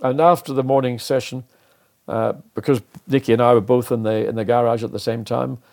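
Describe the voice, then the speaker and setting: Older male guest, animated storyteller, plays out the quotes. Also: medium pitch, brisk, gravelly. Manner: animated, acts out quoted dialogue. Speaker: interview guest, former racing driver. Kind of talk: anecdotal storytelling.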